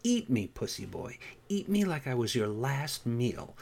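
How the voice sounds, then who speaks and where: Man voicing a husky, bossy dominant woman. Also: mid-range voice, very animated, a little mellow, exaggerated voice. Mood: teasing. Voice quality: husky, breathy. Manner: commanding, teasing, slow.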